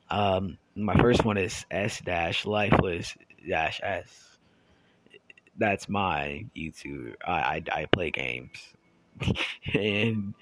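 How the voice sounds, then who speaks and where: A man with a very low, deep voice talks to his channel's viewers in a loose, rambling monologue, stopping and restarting his sentences often. The sound is dry and close, with no room echo. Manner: rambling, halting with many restarts. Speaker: YouTuber. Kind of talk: casual monologue.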